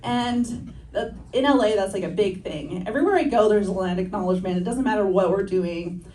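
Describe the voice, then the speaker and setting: A woman's voice: medium pitch, fairly quick, echoey room, slight background noise. A woman in her thirties doing a stand-up set, chatty and self-deprecating, often laughing through her lines. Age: 30s. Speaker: stand-up comedian. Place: comedy show stage on a campus, indoors. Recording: distant stage mic with loud audience laughter. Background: audience laughing.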